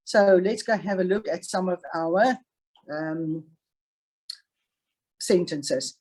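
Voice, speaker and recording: Slow, patient woman teaching grammar. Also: on the low side, a little mellow, low-quality recording. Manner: slow, patient, stresses example sentences. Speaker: English teacher. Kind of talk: online grammar lesson. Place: online class. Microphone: video call.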